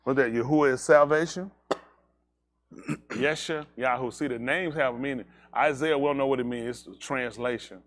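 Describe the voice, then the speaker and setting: A man's voice: medium pitch, a little fast, hardly any pauses. A man leading a congregation in an emphatic teaching sermon, firing rhetorical questions at the room. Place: synagogue service.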